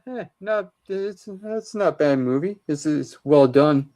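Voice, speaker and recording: A man with a mellow, dark-toned voice walks through his shelf of movies and shows in a loose, chatty vlog. He gives quick opinions on each title and fills his pauses with uh and um. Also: a little high, expressive. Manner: chatty, opinionated, with many uhs while listing titles. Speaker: vlogger showing his DVD collection. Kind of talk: casual collection walkthrough.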